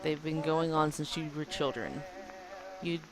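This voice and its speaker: A woman's voice: deep voice, measured pace, music in the background, poor audio. A woman voicing a stern aristocratic mother in a game, reading her lines in a reproachful, lecturing way.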